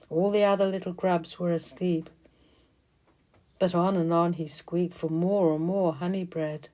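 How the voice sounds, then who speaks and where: A woman, the author, narrating a children's storybook in a gentle, expressive way. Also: on the low side.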